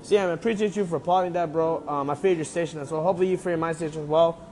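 A man's voice: a little high, fairly even intonation, rapid-fire, a little mellow, soft background music. A man leaving a casual, friendly video message full of bro-talk. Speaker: fan sending a video message.

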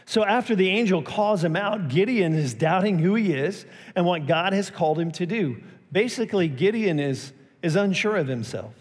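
A man's voice: high voice, lively intonation, moderate pace, few pauses, slightly rough, long reverb tail. A man preaching a sermon as pastor, telling a story and acting out its quotes with a raised voice.

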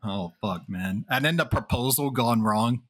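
A man's voice: medium pitch, a little slow, fairly bright tone. A man hosting a casual podcast chat, joking, swearing and laughing often. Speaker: podcast host.

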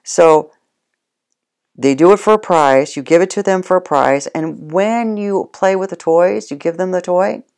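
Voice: medium pitch, measured pace, creaky, a little mellow. A dog trainer giving casual spoken instruction, plain-spoken and addressing the listener directly.

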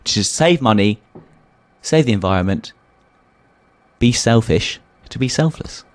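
A man co-hosting a comedic podcast, lively and playfully mock-outraged, laughing often. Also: medium pitch, unhurried. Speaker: podcast co-host. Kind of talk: casual comedic podcast chat.

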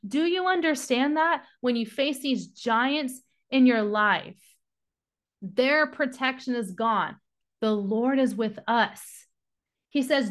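Speaking at a normal speed in a high voice, a woman on a devotional podcast reads scripture aloud. She then moves into Bible teaching, urging her listeners on with growing passion.

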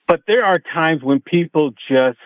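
Male caller, slightly high voice, quick and friendly, dry sound. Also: expressive, no echo, lo-fi sound. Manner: fast, friendly, stumbling restarts. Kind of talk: call-in radio chat.

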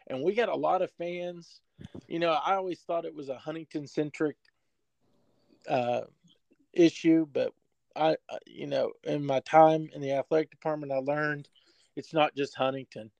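A man who works as a sports information director, telling a story emotionally and haltingly, with many fillers. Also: a little high, steady tone, creaky, a little mellow, dry recording. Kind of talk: storytelling in an interview.

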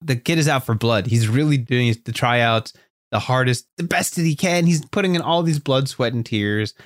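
A man telling an improvised story on a writing podcast, animated and rambling. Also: medium pitch, normal speed, dry recording, studio quality. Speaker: podcast host.

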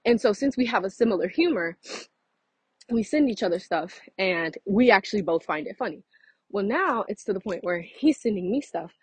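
A woman's voice: medium pitch, animated, normal speed, slightly rough, no room sound, rough recording. A young woman venting casually to her followers, chatty and exasperated, with laughing asides, a little out of breath from walking outdoors. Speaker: vlogger. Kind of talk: casual vent to camera.

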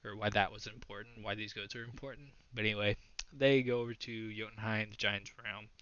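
Bright-voiced man telling a story, lo-fi. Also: lowish voice, fairly even intonation, fairly quick, clean tone. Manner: loose, profane, self-correcting storyteller. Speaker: podcast co-host retelling a myth. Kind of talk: casual storytelling chat. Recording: dull lo-fi, dry sound.

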